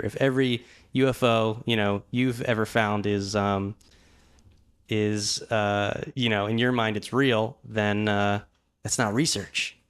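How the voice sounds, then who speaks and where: A man's voice: lowish voice, smooth. A man co-hosting a casual livestream, rambling with fillers and restarts. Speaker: podcast co-host.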